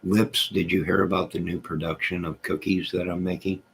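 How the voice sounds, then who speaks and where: A man's voice: low-pitched, flat delivery, moderate pace, slight background noise. A man hosting a casual livestream from home, joking and teasing viewers by name as he reads the chat. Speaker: livestream host reading chat. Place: at home with goats nearby.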